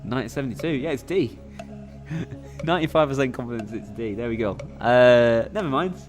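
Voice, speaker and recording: A man's voice: mid-range voice, brisk, faint music behind. Chatty man hosting a quiz stream. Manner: chatty, rambling, lots of "you know" fillers. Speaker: quiz game host and player. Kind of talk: live-streamed quiz play-through commentary.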